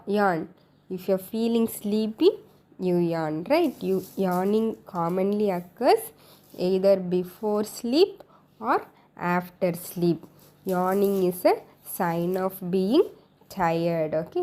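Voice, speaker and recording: A woman's voice: medium pitch, warm tone, slight background noise. A woman teaching young children a phonics lesson, repeating each word and asking the class simple questions. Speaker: kindergarten teacher.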